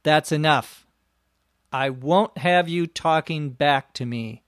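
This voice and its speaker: A man's voice: fairly high pitch, slow pace, a bit bright, no echo, studio quality. A man playing a strict father in a scripted dialogue, scolding his teenage daughter in a stern voice.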